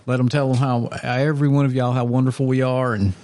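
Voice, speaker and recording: A man with a drawl hosts a relaxed podcast from a small studio. He talks in an ordinary mid-range voice, ribbing his guests and joking as he goes. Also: medium pitch, quick pace. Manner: joking, teasing. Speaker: podcast host. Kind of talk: casual chat.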